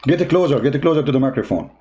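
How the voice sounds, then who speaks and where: A man's voice: medium pitch, lively intonation, fast, dark tone. A man hosting a heated live call-in debate, speaking. He mocks the caller and repeats his demands insistently. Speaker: debate show host.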